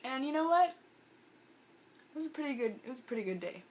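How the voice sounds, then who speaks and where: Casting: woman vlogger, fairly high voice, animated and amused storytelling. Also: normal speed, a little hiss or hum. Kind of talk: storytime vlog.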